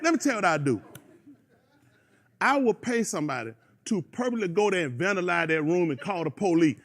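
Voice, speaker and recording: A man hosting a radio show, ranting in an animated, rambling casual chat. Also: high voice, fairly quick.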